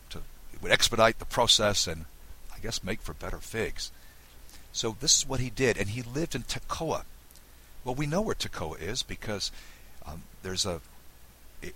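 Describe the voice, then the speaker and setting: A man from the Southern United States giving a recorded Bible lesson, explaining with lively emphasis. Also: lowish voice, breathy edge, poor audio. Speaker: Bible teacher.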